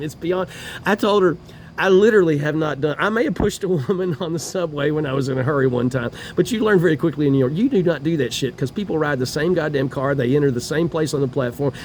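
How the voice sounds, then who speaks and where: A man's voice: a little high, a little hiss or hum. A middle-aged man in a homeless shelter, ranting bitterly and profanely, laughing through his grievances. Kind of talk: profane personal rant to camera.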